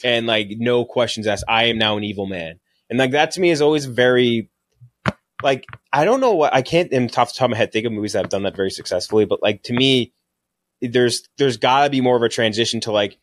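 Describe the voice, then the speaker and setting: A young man co-hosting a casual podcast, animated and quick to swear. His voice sits at a middling pitch. The sound is dry and close, with no room around it. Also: no room sound. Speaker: podcast co-host. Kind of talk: casual chat.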